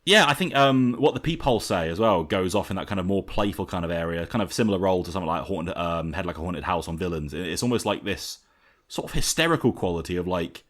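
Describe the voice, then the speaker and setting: A man's voice: low-pitched, expressive, quick pace, a bit bright. A man hosting a podcast, chatting casually and animatedly about an album with many fillers and restarts. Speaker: podcast host. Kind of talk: casual album review chat.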